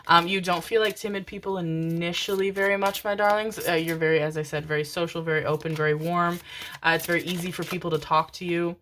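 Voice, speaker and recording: A woman reading tarot cards for viewers, speaking gently and affectionately, calling them darlings and babies, with the odd casual swear. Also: lowish voice, fairly even intonation, fast, slight background noise. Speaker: tarot card reader. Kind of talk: channeled pick-a-card tarot reading.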